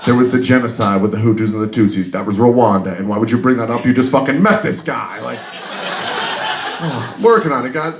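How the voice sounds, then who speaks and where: A man from New Jersey performing a stand-up comedy set on a club stage, telling profane stories in a deadpan way and acting out the voices of the people in them. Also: mid-range voice, slight background noise. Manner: rapid, profane, deadpan storytelling with acted-out voices. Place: comedy club stage in front of a live audience. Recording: roomy live club recording.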